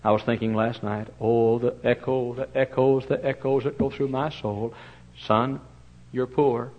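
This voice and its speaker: A male pastor preaching a storytelling sermon, folksy and animated, with many fillers and sudden loud bursts. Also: mid-range voice, moderate pace, highs cut off.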